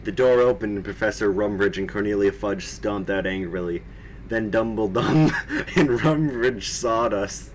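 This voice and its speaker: Slow, mocking male reader. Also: fairly low pitch, slight background noise. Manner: mocking, breaks to laugh and comment. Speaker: reader and commentator. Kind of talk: comedic dramatic reading with commentary.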